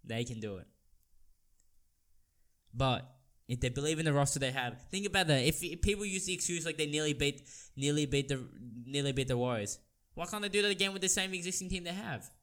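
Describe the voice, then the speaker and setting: A man's voice: fairly high pitch, brisk. Young guy from australia ranting solo on his sports podcast, gets worked up, keeps restarting sentences. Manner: animated, heated, many restarts. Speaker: podcast host.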